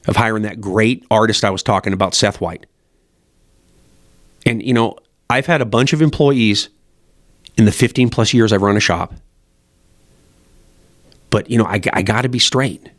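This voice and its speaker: A man's voice: fairly low pitch, moderate pace, pauses often, fairly bright tone, dry recording, studio quality. A middle-aged man who runs a fly shop, talking in a blunt, profane, rambling way. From Montana, USA. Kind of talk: casual rambling monologue.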